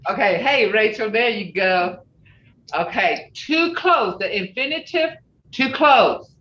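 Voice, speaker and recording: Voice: medium pitch, lively intonation, takes it slowly, pushed and bright. A language teacher leading an online class, patiently repeating example phrases over and over. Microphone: video call. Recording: echoey, dull video-call audio.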